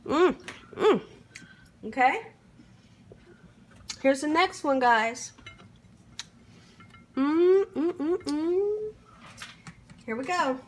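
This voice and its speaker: Slow-talking woman cooking vlogger. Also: sits high, expressive. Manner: enthusiastic, keeps saying "guys", hums while tasting. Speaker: home cooking channel host. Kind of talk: casual cooking vlog. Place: home kitchen.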